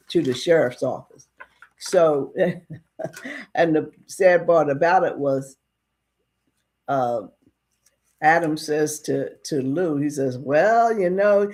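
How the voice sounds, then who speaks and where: Woman storyteller, slow pace, chatty, asides to the listener, casual western tale. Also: low voice.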